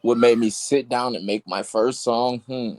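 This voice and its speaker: A man speaks as a musician guest in a casual interview, loose and halting, full of fillers and "you feel me" tags. His voice is medium-pitched and darkish, with fairly even intonation.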